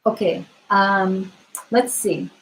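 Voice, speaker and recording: A woman tarot reader answering viewer questions on a live stream, gentle and reassuring, thinking aloud with frequent fillers. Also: mid-range voice, steady tone, takes it slowly, low-quality recording.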